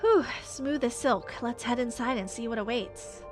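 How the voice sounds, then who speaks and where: Woman doing a practical engineer girl, quick and matter-of-fact, high voice. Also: music in the background, natural voice. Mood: focused. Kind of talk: live voice acting of game dialogue.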